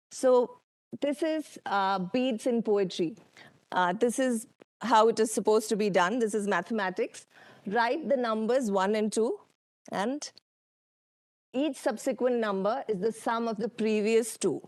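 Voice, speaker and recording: A woman with an Indian English accent presenting a lecture with slides, unhurried, with many ums and uhs and questions to the audience. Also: mid-range voice, a little mellow, dry recording. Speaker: workshop speaker. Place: conference hall.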